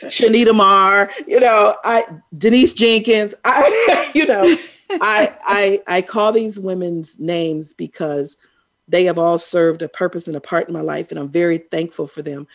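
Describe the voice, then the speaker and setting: A middle-aged woman, co-hosting a casual chat, animated and quick to laugh and tease. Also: mid-range voice. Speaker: co-host.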